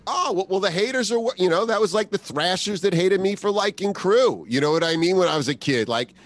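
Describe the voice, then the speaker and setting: A man's voice: sits high, animated, a little fast, dry recording. A man guesting on a podcast, talking enthusiastically in casual chat, rambling with many restarts. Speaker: podcast guest, co-host of another show.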